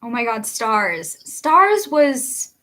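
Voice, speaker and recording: A young woman hosting a casual music livestream with a bright, forceful voice that sits a little high. She giggles often and reads viewer comments aloud between bits of chat. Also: sing-song, very slow. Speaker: singer-songwriter hosting a livestream.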